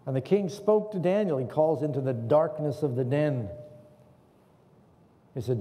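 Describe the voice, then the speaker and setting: A man's voice: mid-range voice, lively intonation, moderate pace, mellow. A man preaching a sermon in a church and asking the congregation questions. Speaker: pastor. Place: church hall. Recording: echoey church hall.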